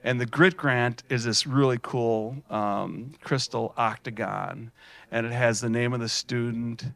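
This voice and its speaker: A middle-aged man giving a folksy, animated keynote at a student showcase, telling stories with many fillers and restarts. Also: medium pitch, measured pace, gravelly, no room sound. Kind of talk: storytelling keynote speech.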